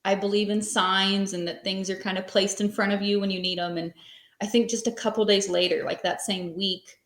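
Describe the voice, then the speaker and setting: A woman in her thirties talks through her story as a podcast guest. She rambles in a relaxed, conversational way and leans on plenty of fillers. Her voice sits at a middling pitch, and the room around her is echoey. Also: brisk. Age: 30s. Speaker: podcast guest, small business owner. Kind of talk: casual interview storytelling.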